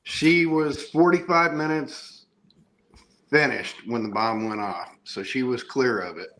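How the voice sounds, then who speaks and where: A man's voice: medium pitch, a little slow, fairly bright tone. A middle-aged man hosts a loose podcast chat. He rambles along with easy enthusiasm, his voice sitting in an ordinary middle range. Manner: rambling, enthusiastic show-and-tell. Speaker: podcast host. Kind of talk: casual chat showing comics.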